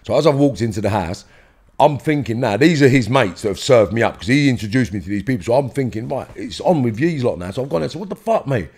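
A man's voice: medium pitch, animated, quick pace, a little mellow, breathy edge. A man with a London accent telling a story in a podcast interview, blunt and swearing freely, acting out heated exchanges. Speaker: interview guest.

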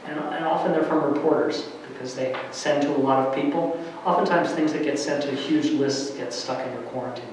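A middle-aged man giving a lively workshop lecture to faculty, varying his loudness for emphasis, with many fillers. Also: medium pitch, fairly quick, a little hiss or hum. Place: large lecture room. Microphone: distant room mic. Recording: very echoey hall from far off.

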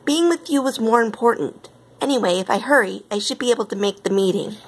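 A woman voicing a kind, cheerful young woman in a high, earnest voice while reading a storybook aloud. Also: a little fast, breathy edge. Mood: reassuring.

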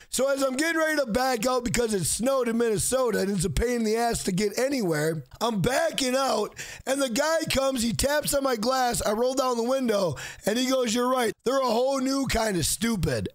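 A man, hosting an exasperated storytime vlog about a bad fast-food visit. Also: extremely high pitch. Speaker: channel host.

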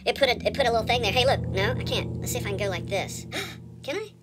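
A woman's voice: a little high, rapid-fire. A woman giving casual let's-play commentary as she plays, chatty and rambling, often repeating her words. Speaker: gamer.

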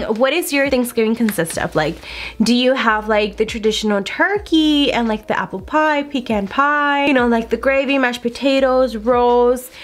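Sitting close to her camera mic at home, a young beauty vlogger with a fairly high voice chats while doing her makeup for her channel. Her get-ready-with-me storytelling is animated and casual, loaded with "like" and "girl," and she acts out what people said.

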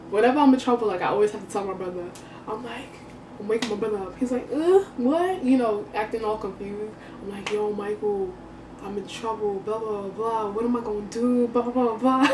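Young woman doing a slangy storytime vlog, voice a little high, roomy echo, faint room hum. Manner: animated, slangy, acts out her own reactions. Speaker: vlogger. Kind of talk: casual storytime. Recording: echoey room, far from the mic.

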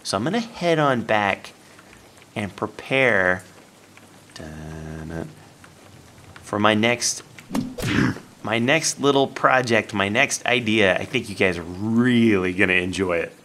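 A man giving playful, animated let's-play commentary, talking to the game and his viewers and jumping up to excited yelps. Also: measured pace. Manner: jumps to high excited yelps. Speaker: gaming YouTuber.

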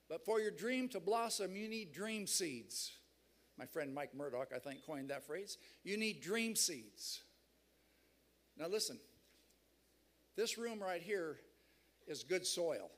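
A man's voice: fairly high pitch, very animated, slow, pauses often, a bit bright. A man preaching a sermon at a church seminar, emphatic and rousing the crowd. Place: large church hall.

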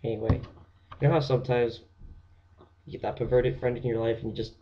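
A teenage boy rambling through a jokey comic rant, dropping into hushed whispered asides. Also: mid-range voice, level tone, fairly quick, muffled recording. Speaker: vlogger.

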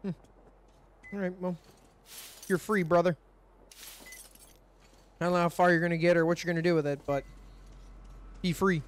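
A man's voice: sits high, level tone, normal speed, long pauses. A man hosting a let's play, commenting on his game in a frustrated, profane, ranting way. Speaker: gaming channel host.

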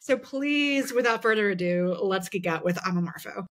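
A woman's voice: medium pitch, animated, moderate pace, a bit bright. A woman co-hosting a podcast in casual chat, talking freely with many "like" fillers. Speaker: podcast co-host.

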